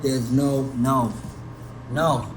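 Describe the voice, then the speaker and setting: A man's voice: medium pitch, fairly even intonation, very slow. A man playing a worried father accused of murder in an amateur audio drama, defensive and stammering, repeating himself. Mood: agitated. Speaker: suspect under interrogation. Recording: noisy amateur recording with ambience.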